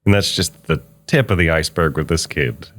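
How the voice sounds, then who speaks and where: A man's voice: extremely low pitch, fairly quick, a bit bright. A man hosting a podcast in casual chat, teasing his guests and chuckling at their stories. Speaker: podcast host.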